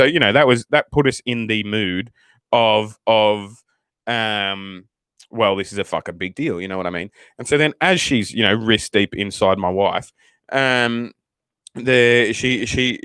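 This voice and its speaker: Low-voiced Australian man, swearing storyteller. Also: smooth, dry recording. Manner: heavy swearing, animated and rambling. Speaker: channel host, new father. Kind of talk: casual storytelling to camera.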